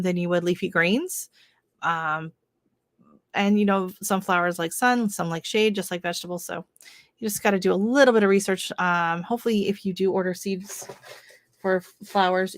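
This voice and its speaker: A woman's voice: medium pitch, a bit bright, no room sound. A Canadian woman hosting a casual gardening livestream, rambling and chatty with lots of fillers. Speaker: gardening channel host.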